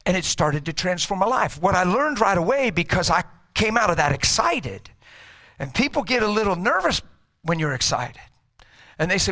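Middle-aged male preacher, high and bright voice, ramped-up conversational sermon delivery. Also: moderate pace. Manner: energetic, emphatic, conversational preaching.

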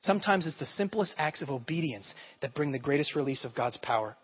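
A man's voice: on the high side, animated, fairly quick, breathy edge. A male pastor preaching a sermon in a conversational way, often checking in with his listeners. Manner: conversational, repeatedly checks in with "okay?". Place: church sanctuary. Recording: dull sound with long hall reverb.

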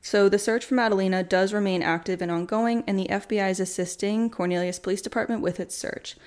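A woman's voice: mid-range voice, fairly even intonation, quick pace, a little mellow. Chatty woman hosting a crime podcast. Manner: candid, chatty, swears casually. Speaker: true crime podcast host. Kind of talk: casual podcast narration.

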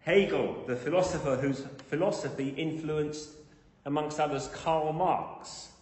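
A man's voice: fairly high pitch, measured pace, a little mellow. A man preaching a sermon to a congregation, building to emphatic, repeated phrases. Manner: builds to emphatic, rising repetition. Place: church. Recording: echoey reverberant church hall.

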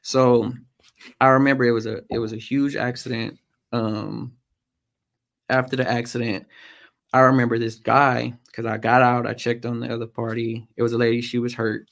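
A man, a podcast guest, telling a personal story in a halting way with frequent pauses and "um"s. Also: medium pitch, little pitch movement, creaky, a bit bright. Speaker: podcast guest, motorcycle racer.

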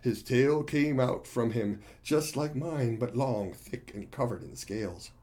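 A man's voice: mid-range voice, unhurried, dark tone, close to an everyday voice. A man as a boastful monkey warrior. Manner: gleeful, boasting storyteller addressing friends.

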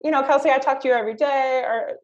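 A woman's voice: high-pitched, steady tone, fast. A woman podcast guest, emotional and stumbling over her words in casual chat. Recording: dull lo-fi sound.

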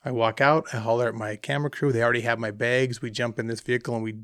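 A man casually telling an animated travel anecdote, acting out the dialogue as he goes. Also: medium pitch, very fast, clear, resonant tone, no room sound, studio quality. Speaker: hunting trip guest telling a story. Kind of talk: casual storytelling.

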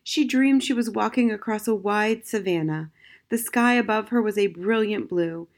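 Gentle woman reading a storybook aloud. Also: mid-range voice, moderate pace. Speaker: audiobook narrator. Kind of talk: scripted storybook narration.

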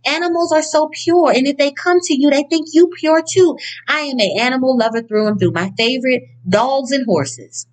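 A woman giving a casual motivational talk from notes, blunt and profane, with animated, emphatic outbursts. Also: sits high, normal speed, rough recording. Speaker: speaker on inner-child healing.

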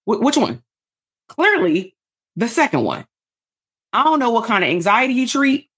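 A woman coaching therapists on building a business. She teaches a live workshop in an energetic, animated way, with casual slangy asides. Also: on the high side, moderate pace, slightly rough. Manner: addresses the audience as "y'all".

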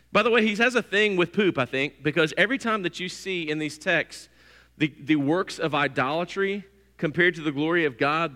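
A middle-aged man, preaching a sermon in a church and telling stories with lively, acted-out voices. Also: on the high side. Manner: lively storytelling, acts out voices. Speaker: pastor. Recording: long hall reverb.

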